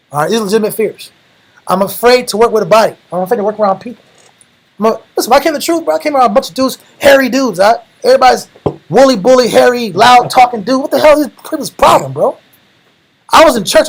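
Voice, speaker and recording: Animated young man preaching. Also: very high voice, rough recording. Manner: animated, slangy, calls the audience bro. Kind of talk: lively street-style sermon.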